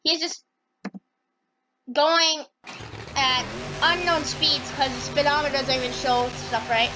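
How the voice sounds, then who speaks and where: A woman's voice: high-pitched, fairly even intonation, takes it slowly. A woman narrating a comedy game video in a rambling, hyped, slangy way. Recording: noisy with engine sounds.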